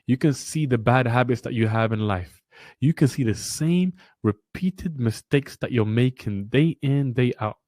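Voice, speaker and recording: Speaking a little slowly at medium pitch, this young man has a darkish tone, recorded without room sound. As a trading mentor giving a motivational webinar lecture, he is blunt, preachy and passionate, repeating lines for emphasis.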